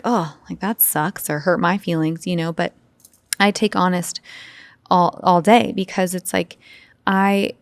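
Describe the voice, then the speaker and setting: A woman speaking as a podcast guest, telling stories in an open, animated way with lots of fillers. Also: lowish voice, no room sound. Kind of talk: casual interview conversation.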